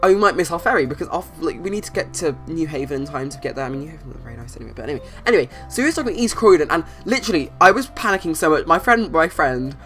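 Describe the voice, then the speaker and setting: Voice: medium pitch, expressive, rapid-fire, hardly any pauses, fairly bright tone. A young adult telling a long story in a casual voice-over, rambling with many restarts and fillers. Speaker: channel host. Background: faint background music.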